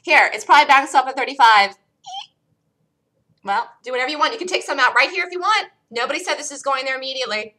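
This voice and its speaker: Animated, excitable woman calling live trades. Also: high-pitched, quick pace. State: losing her voice. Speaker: day trading show host. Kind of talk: live trading commentary.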